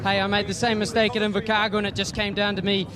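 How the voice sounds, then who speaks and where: A man's voice: high-pitched, completely flat delivery, fast talker. A man, a motorbike champion, speaking humbly after the race with plenty of "you know". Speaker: championship-winning rider. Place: outdoor motorsport circuit. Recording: echoey outdoor crowd.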